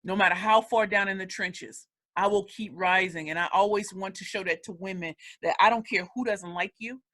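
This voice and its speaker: Woman in her 40s, from St. Louis, interview guest, emotional, emphatic, bright, forceful voice. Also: medium pitch, normal speed. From St. Louis area, United States. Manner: emphatic and emotional, with many repeats. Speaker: guest, speaker. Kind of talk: personal storytelling in an interview.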